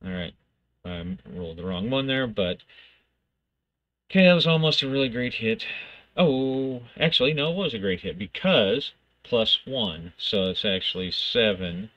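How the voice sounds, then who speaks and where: A man's voice: mid-range voice, expressive, measured pace, a bit bright, highs cut off. A man thinking aloud as he plays a solo tabletop game, reading rules aloud and narrating the action in bursts.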